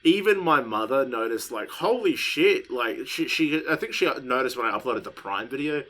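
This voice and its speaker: Bright-voiced young man, podcast co-host. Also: medium pitch, brisk. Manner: swears freely, rambling and animated. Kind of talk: casual podcast chat.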